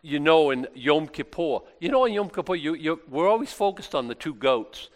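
A man's voice: a little high, lively intonation, normal speed. A middle-aged man preaching a casual, conversational sermon, acting out little asides and laughing now and then. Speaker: pastor.

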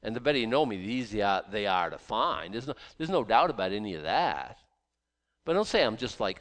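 A man teaches from scripture in loose, conversational talk, his pitch leaping up and dropping down as he goes. He trips over restarts and leans on sarcasm to make his point. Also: brisk. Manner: animated, sarcastic asides, frequent restarts. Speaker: Bible teacher.

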